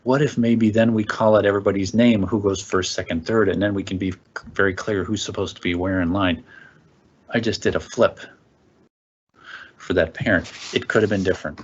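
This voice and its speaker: A man's voice: lowish voice, steady tone, brisk, muffled recording, a little hiss or hum. A man training parents in a casual presentation, talking conversationally and often checking in with "okay?".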